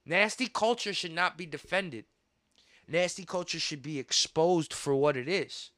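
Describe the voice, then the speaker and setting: A man hosting a podcast, ranting in a heated, profane way with sudden loud outbursts. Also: on the high side, measured pace, no room sound, studio quality. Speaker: podcast host. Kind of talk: casual podcast rant.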